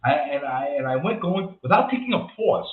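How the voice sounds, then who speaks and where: A man hosts an unscripted livestream monologue, rambling, ranting and repeating himself as he goes. His high voice is very animated and fairly quick, and the sound is tinny, echoey and phone-like.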